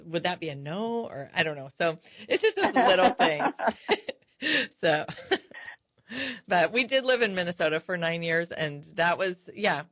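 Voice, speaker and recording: Low-voiced grandma co-host, dry lo-fi. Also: female voice, very animated, measured pace, no room sound. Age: older. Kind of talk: casual chat. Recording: dry, dull lo-fi sound.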